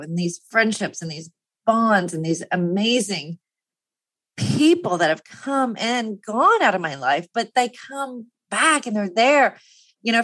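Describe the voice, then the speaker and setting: A woman's voice: medium pitch, fairly bright tone, no echo. A woman in her fifties talking through a personal topic in a candid monologue. She rambles, laughs often and trails off to restart her thoughts.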